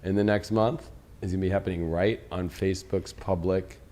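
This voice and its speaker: A man hosting a tarot show from a studio, chatting excitably and rambling, laughing and swearing. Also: low-pitched, moderate pace. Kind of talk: casual chat with co-host.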